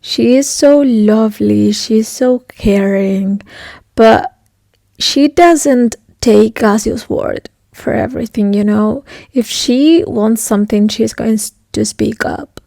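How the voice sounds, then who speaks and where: A woman's voice: on the high side, slow, vocal fry, mellow, no room sound, studio quality. A young woman chatting casually in a reading vlog, rambling and emotional, swearing often and sometimes dropping to a whisper. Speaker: book vlogger.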